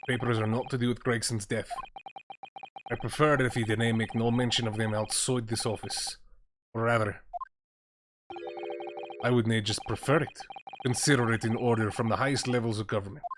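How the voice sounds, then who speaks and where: A man putting on a gruff Scottish prison governor. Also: mid-range voice, steady tone, normal speed, pauses often, noisy background, lightly acted. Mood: stern. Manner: brusque, dialect-heavy delivery. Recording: game music behind voice.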